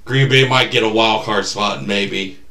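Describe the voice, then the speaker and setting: A man's voice: on the low side, fairly even intonation, a little slow, pushed and bright, roomy sound, distant mic. A man co-hosting a podcast in casual, jokey sports chat. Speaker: podcast co-host.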